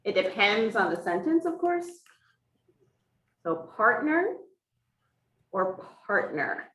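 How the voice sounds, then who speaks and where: A woman's voice: mid-range voice, big pitch swings, takes it slowly, fairly bright tone. A woman interpreting for a teacher, voicing a sign language lesson in the first person and explaining each point step by step. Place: classroom for a hybrid in-person and online class. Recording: echoey room from far off.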